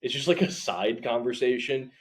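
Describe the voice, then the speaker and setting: A man's voice: mid-range voice, normal speed. A young man, a stand-up comedian, cohosting a podcast in playful casual chat. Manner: playful, drops into mock voices for bits.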